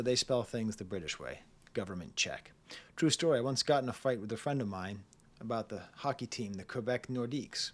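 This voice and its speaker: A man with a voice of ordinary middle pitch gives a casual spoken album review. He rambles from one thought to the next, tosses in jokey asides and laughs often as he talks. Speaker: music reviewer, channel host.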